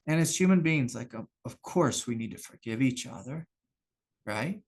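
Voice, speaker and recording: A man's voice: mid-range voice, expressive, moderate pace, a little mellow, slightly rough. Brief: middle-aged man, spiritual teacher on a video call, candid and self-reflective, laughs easily. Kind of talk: satsang talk.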